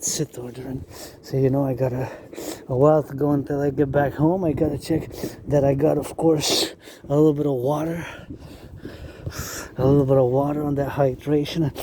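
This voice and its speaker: A man's voice: fairly high pitch, warm tone, slight background noise. A man delivering a rambling, repetitive monologue and breaking into chanted marching cadences. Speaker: vlogger.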